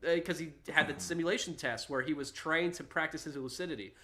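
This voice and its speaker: Brief: male podcast host, casual and scoffing, bright tone, talks loose and lively. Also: fairly high pitch, brisk. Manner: animated, scoffing, casually profane.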